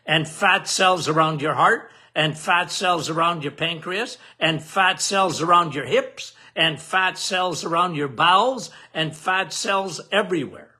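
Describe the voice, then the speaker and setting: High-voiced guy on a health podcast, slow and emphatic, repeats himself a lot. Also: sharp tone. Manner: emphatic, repetitive, asks the listener questions. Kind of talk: explanatory health talk.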